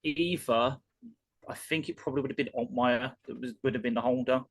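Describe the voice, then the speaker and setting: A man's voice: mid-range voice, fairly quick, fairly bright tone, no echo. A British man co-hosting a live reaction stream, thinking aloud in a casual, hesitant way. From United Kingdom. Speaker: podcast co-host. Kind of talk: casual chat during live commentary.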